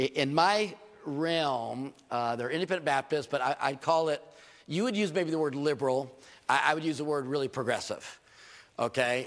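A man preaching with a gravelly edge and a voice pitched a little high for a man. His storytelling delivery rises to emphatic points, and long reverb from a large church hangs after his words. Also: fairly bright tone. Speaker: pastor. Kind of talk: sermon.

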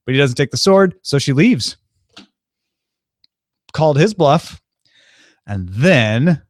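A man hosts a casual podcast, recapping a film in a breezy, jokey way and now and then mimicking the characters. His voice sits fairly high. The sound is dry and close to the mic. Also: lively intonation, dry recording. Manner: breezy, jokey, slips into quick impressions of characters.

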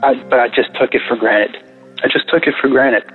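A man from Canada calls in with a prayer request, emotional and halting, often repeating himself. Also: medium pitch, fairly even intonation, faint music behind. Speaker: caller. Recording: tinny phone line.

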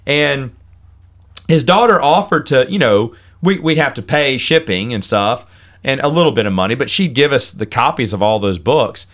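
A man's voice: medium pitch, lively intonation, moderate pace, a bit bright. A man hosting a solo podcast, chatting in a rambling way, restarting and repeating words, with hiccups now and then. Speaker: podcast host.

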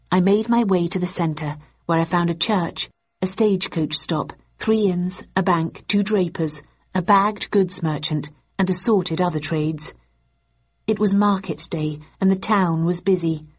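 A woman narrates a first-person audiobook in a low, husky voice. She keeps a dry, measured storytelling pace. The sound is dull and lo-fi.

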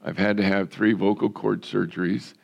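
An older man preaching a sermon as pastor, his voice hoarse and gravelly, earnest and measured, often repeating words. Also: sits low, steady tone, darkish tone, dull audio.

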